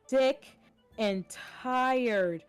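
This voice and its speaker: A woman co-hosting a casual stream chat, blunt and animated, swearing freely. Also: fairly high pitch, very slow, soft background music. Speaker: co-host streamer.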